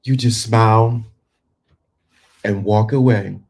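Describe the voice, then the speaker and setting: A man giving a motivational talk to men, speaking emphatically and dropping to a hushed, calm tone for effect. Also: medium pitch, normal speed.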